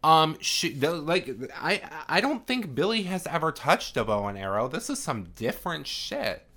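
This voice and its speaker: A man's voice: a little high, sing-song, moderate pace, sharp tone, a little hiss or hum. A man hosting a podcast, retelling a film in a casual, profane chat full of "like" and "um". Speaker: podcast host.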